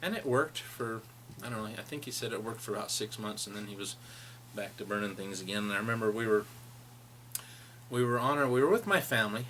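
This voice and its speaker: Middle aged guy rambling thru old memories, laughing along, bright tone, bit of faint noise behind. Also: fairly low pitch, expressive, a little fast. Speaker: friend sharing memories. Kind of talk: personal storytelling.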